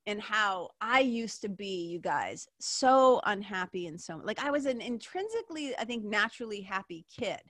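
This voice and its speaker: This podcast host, a woman in her fifties from Massachusetts, rambles through a personal tale full of "like," swearing, and plenty of laughs. Her medium-pitched voice is bright, forward and sing-song, moving at a moderate pace with few pauses. The sound is dry and close.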